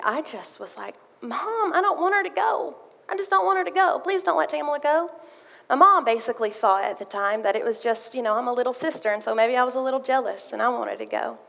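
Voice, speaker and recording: A woman giving a sermon with a personal testimony, telling her story earnestly and reading scripture aloud. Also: a little high. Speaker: church speaker sharing a testimony. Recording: long hall reverb.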